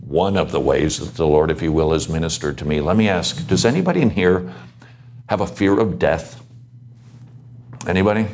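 A man speaking earnestly on a Christian panel, exhorting listeners to live for the Lord. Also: extremely low pitch.

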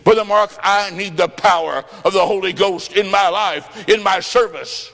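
A man preaching a revival sermon, telling a story with acted-out quotes and rising to shouts. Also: high-pitched, moderate pace, vocal fry, few pauses, in a large hall. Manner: fervent, shouting at peaks, acts out quotes.

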